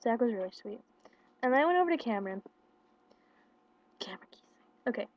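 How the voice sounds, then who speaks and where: A young woman casually retelling a concert meet-up into a webcam, excited and chatty, with lots of fillers and quoted dialogue. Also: fairly high pitch, brisk. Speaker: vlogger. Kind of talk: casual storytelling. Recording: lo-fi webcam audio.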